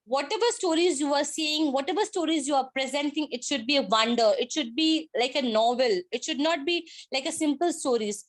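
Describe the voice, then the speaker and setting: A woman with an Indian English accent giving a workshop presentation on speaking skills over a video call, in simple words, repeating her key points with emphasis. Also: high voice.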